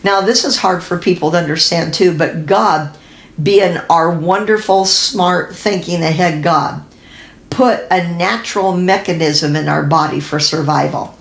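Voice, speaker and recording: A woman's voice: lowish voice, a little slow, creaky, echoey room. A middle-aged woman giving a faith-based health talk, earnest and confiding, with many ums and restarts. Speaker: Christian women's fitness teacher.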